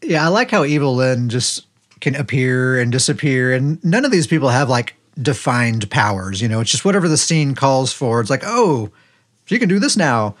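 A man in an easygoing podcast chat, retelling a story at an ordinary middle pitch. He strings scenes together loosely and drops in brief quoted lines as he goes. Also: animated, moderate pace. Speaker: podcast co-host. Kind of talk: casual recap chat.

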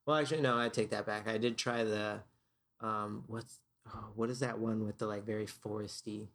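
A man's voice: on the low side, fairly even intonation, moderate pace, a bit bright. A man who works as a bartender, a guest on a casual podcast chat, who rambles and laughs often.

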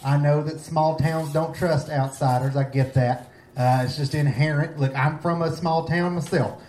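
A man doing a stand-up comedy set, rambling and excitable, jumping from one thought to the next. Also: fairly high pitch, normal speed, a little hiss or hum. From Gate City, Virginia. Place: comedy club stage. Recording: echoey room, faint ambience.

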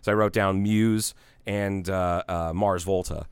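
A man's voice: sits low, a little slow, clean tone, no echo. A man of forty from Ohio, chatting casually on a podcast and telling a story with plenty of quoted back-and-forth dialogue, swearing now and then. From Ohio, United States. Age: 40s. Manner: animated storyteller, acts out both sides of a conversation.

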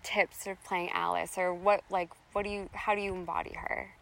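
A woman's voice: fairly low pitch, little pitch movement, gravelly, a bit bright, slight background noise, rough recording. A woman interviewing a guest in a casual, enthusiastic chat at a fan festival. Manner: enthusiastic, quick to react.

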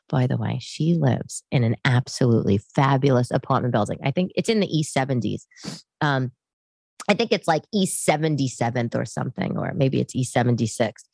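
A middle-aged woman hosts a podcast from her living room in a casual monologue, chatting and rambling off on tangents. Her voice is very deep, gravelly, a little mellow and slightly rough, at a normal speed, with no room sound.

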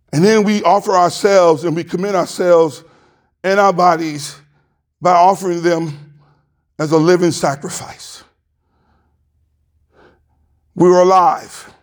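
A male pastor preaching a sermon, emphatic and repetitive, building to shouted climaxes. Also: sits high.

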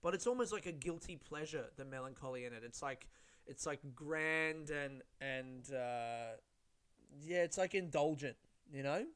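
Guy doing a solo podcast, swears constantly, wanders off topic, kinda high clear voice. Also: unhurried, fairly bright tone. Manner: rambling, swears a lot, self-mocking. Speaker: podcast host. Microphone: studio-style podcast mic.

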